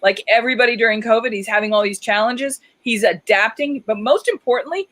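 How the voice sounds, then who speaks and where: A woman's voice: a little high, a little fast, fairly bright tone, poor audio. A woman hosting a live talk show, chatting in a theatrical, enthusiastic way. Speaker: show host.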